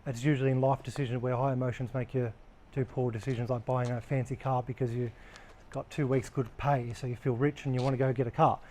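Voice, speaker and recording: A man's voice: medium pitch, level tone, fast, mellow, slight background noise. A man giving a casual training talk to a live group of workers, blunt and conversational, swearing freely as he explains. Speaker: workplace trainer.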